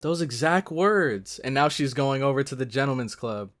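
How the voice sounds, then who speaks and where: A reaction channel host giving casual live commentary on an anime, with excitable gasps and exclamatory outbursts. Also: medium pitch, moderate pace.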